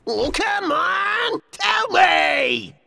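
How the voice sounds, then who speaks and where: A woman voicing a bumbling, jittery male lumberjack in an animated film, whiny and jumpy, full of grunts and gasps. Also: very high voice, very slow, gravelly, no room sound, shouting, full character voice. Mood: frantic.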